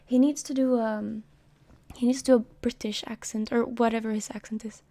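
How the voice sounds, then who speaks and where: A woman's voice: fairly high pitch, steady tone, fairly quick, mellow. A woman streamer reading comics aloud, who restarts lines and laughs at her slips while trying out character voices.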